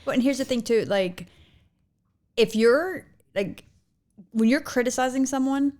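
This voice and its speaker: A woman's voice: fairly high pitch, measured pace, a little mellow. Supportive middle-aged mother chatting. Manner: supportive, chiming in with agreement. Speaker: podcast co-host, mother. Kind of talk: casual chat.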